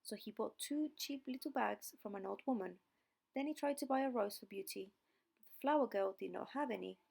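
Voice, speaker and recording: Gravelly woman reading a fairy tale. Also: fairly high pitch, a little mellow. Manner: slow, deliberate reading. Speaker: audiobook narrator. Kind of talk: slow, clear story narration for English learners.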